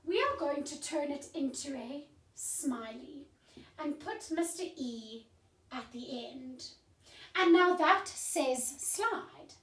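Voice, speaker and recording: Woman, primary teacher, high lively voice, slow and clear, roomy distant sound. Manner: sing-song teacherly, sounds out letters. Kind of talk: slow, clear classroom phonics lesson.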